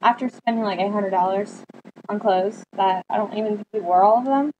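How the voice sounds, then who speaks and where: A woman's voice: medium pitch, brisk, dull audio, background noise. A teenage girl vlogger chatting casually, telling a long story and animatedly acting out what friends said. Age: teens.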